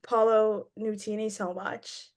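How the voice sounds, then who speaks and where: A young woman co-hosting a podcast, chatting in a quick, animated, agreeable way. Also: medium pitch. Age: young adult. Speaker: podcast co-host. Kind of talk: casual chat.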